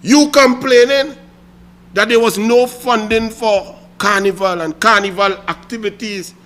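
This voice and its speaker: High, bright-voiced Trinidadian man taunting. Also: steady tone, a little slow. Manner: taunting, theatrical, repeatedly needling. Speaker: political commentator. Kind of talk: mocking political commentary.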